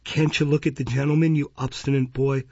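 A man voicing a fawning, sly woman who runs a baby farm, servile to her superiors and sharp with the children. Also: medium pitch, level tone, brisk, husky, no echo. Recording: dull, dry lo-fi recording.

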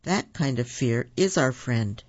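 A man voicing a calm, reassuring big-brother raccoon in a children's story. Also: medium pitch, unhurried, dull audio. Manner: reassuring and steady.

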